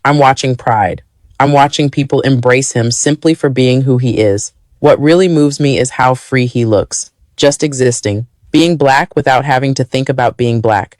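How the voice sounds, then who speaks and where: A man giving a heartfelt personal reflection in measured, list-like phrases. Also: medium pitch, darkish tone, no echo, clean studio sound.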